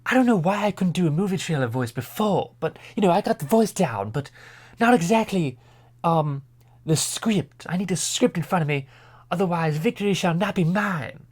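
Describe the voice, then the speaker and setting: A man's voice: sits high, animated, moderate pace, pitched above the performer's own voice. A man voicing a snooty, scheming cartoon baby boy with grandiose, theatrical declarations.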